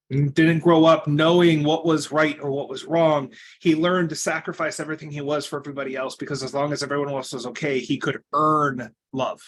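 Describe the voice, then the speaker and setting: Telling his personal story in a coaching talk, a young adult man speaks earnestly in a fairly high voice. His delivery moves from loud, emphatic moments to quieter asides.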